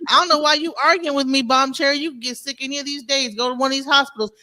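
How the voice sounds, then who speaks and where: Insistent, bright-voiced woman ranting. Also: high-pitched, fairly even intonation, fast talker, no room sound. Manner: insistent, profane, heated. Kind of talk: casual group chat.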